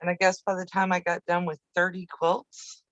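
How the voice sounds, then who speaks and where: A woman's voice: fairly low pitch, level tone, moderate pace, dry recording, dull audio. A woman hosting a casual live quilting stream from her home sewing room, chatting in a rambling way with easy asides while she works, picked up by a camera on a video-call setup. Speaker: quilting channel host.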